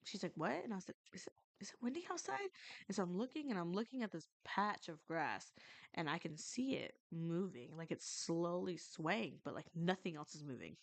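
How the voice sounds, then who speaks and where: A woman's voice: lowish voice, lively intonation, moderate pace, gravelly, dry recording. A woman casually telling a ghost story to her stream, rambling with many restarts and some swearing.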